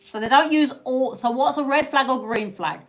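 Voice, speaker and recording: A woman's voice: high-pitched, moderate pace. A British woman hosting a casual live stream, chatting and laughing with her viewers and thanking them by name. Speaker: livestream host.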